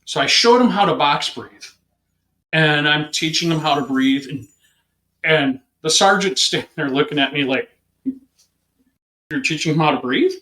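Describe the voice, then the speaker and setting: The policeman talks at a moderate pace in a fairly high register, his words reverberating around the space. It's informal interview storytelling, and he brings the anecdote to life by acting out its characters.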